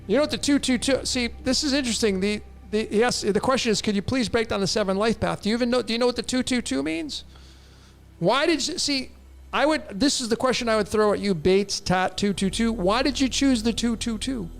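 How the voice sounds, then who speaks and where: High-voiced gravelly man, blunt and emphatic. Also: fairly quick, soft background music. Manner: blunt, emphatic, addresses listeners directly. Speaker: host answering viewer questions. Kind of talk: numerology monologue.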